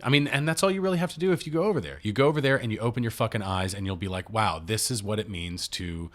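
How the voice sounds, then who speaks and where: A man's voice: medium pitch, animated, very fast. A man co-hosting a podcast, talking through a film in a rambling, casual way with the odd curse. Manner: rambling, conversational, profane asides. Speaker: podcast co-host.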